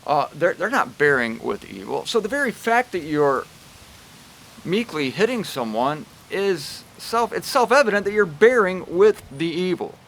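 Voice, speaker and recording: A man giving a casual, emphatic Bible teaching talk with a wry, lively delivery. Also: sits high, a little slow, a little hiss or hum. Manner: emphatic and wry, shifts pace and loudness a lot.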